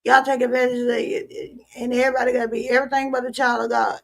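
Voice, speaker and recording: A woman's voice: fairly high pitch, little pitch movement, quick pace, vocal fry. A weary woman streamer venting to her viewers in a frustrated, repetitive, profane rant. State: weary, worn out. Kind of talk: emotional livestream rant.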